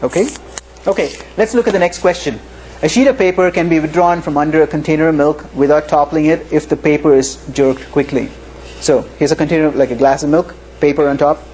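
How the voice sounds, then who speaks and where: In a slightly high, steady, darkish voice, a man briskly teaches a live physics class. His style is conversational, peppered with "right?" check-ins, and faint lecture-hall room noise sits in the background.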